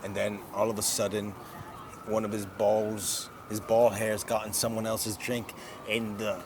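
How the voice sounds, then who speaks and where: A man's voice: fairly low pitch, little pitch movement, measured pace. A man improvising a rambling, absurd comic story outdoors in a city park. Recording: outdoor noise with passing traffic.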